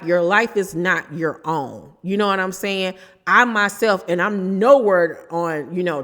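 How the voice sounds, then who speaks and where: A middle-aged woman hosting a casual reality TV recap, animated and opinionated, quoting people in quick bursts. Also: on the low side, in a large hall.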